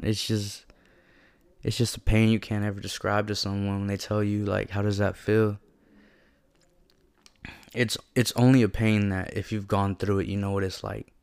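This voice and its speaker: His voice sits on the low side, creaky and a bit mellow, with a clean tone. The young man earnestly and emotionally reflects on his own experiences, speaking loosely in slang and using "like" a lot.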